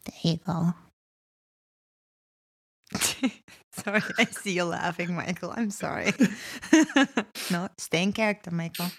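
A woman's voice: fairly low pitch, fairly even intonation, measured pace, pauses often, fairly bright tone. A woman playing a tabletop game, giggling and teasing another player.

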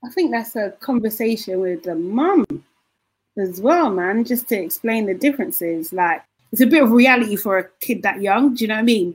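A woman's voice: medium pitch, slightly rough, poor audio. A woman co-hosting a casual chat show, reading out comments and laughing easily as she talks. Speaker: podcast co-host.

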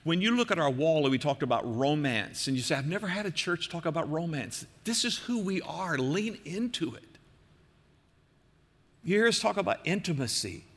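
An older man, a pastor from the American Midwest, preaching an earnest sermon that slows and softens for emphasis. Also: fairly high pitch, expressive, in a large hall.

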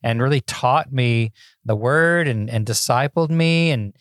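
A man's voice: mid-range voice, unhurried, no room sound, studio quality. Folksy older man telling his story. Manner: folksy, self-deprecating, repeats words when starting. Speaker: podcast guest. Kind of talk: casual interview storytelling.

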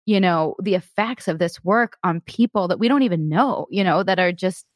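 A woman's voice: on the low side, moderate pace, no room sound, studio quality. A woman hosting a podcast, talking in a chatty, eager storytelling way full of fillers. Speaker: podcast host. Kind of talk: casual interview chat.

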